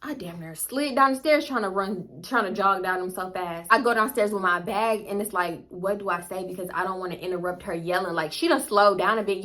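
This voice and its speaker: Bright-voiced chatty young woman. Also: medium pitch. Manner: chatty, slangy, addresses viewers as y'all. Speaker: vlogger. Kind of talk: casual storytime.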